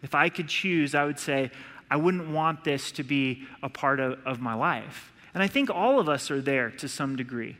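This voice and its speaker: A man's voice: mid-range voice, expressive, normal speed, bright, forceful tone, in a large hall. A male pastor preaching an earnest sermon, now and then acting out voices to illustrate his points.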